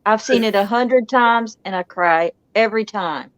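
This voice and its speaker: A woman's voice: mid-range voice, normal speed, dry recording, dull audio. A woman in a casual chat, mostly agreeing with brief remarks.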